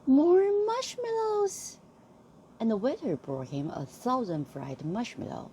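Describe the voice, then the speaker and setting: A woman reading a bedtime story aloud to a friend, slow and expressive. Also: low-pitched, a little hiss or hum.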